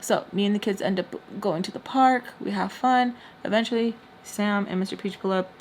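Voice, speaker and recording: A woman's voice: medium pitch, normal speed, a little hiss or hum. A young woman telling a storytime vlog in casual chat, blunt and full of fillers, swearing now and then. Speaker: storytime vlogger.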